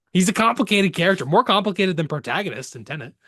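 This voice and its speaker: A man co-hosting a podcast in casual chat, sarcastic and quick to swear, from the Boston area. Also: high voice, dry recording, clean studio sound. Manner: animated, sarcastic, swears freely. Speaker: podcast co-host.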